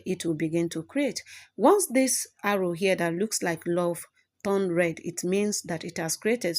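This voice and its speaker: A woman hosting a step-by-step tutorial, explaining as she goes and often checking in with "okay". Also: fairly low pitch. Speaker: tutorial host. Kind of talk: screen-recording tutorial.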